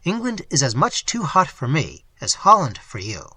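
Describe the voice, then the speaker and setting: A bold, commanding highwayman captain, voiced by a male reader, giving clipped orders in a bright, forceful voice. His tone is husky and dry, close to the ear, with a lively rise and fall. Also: moderate pace, dry recording, exaggerated voice.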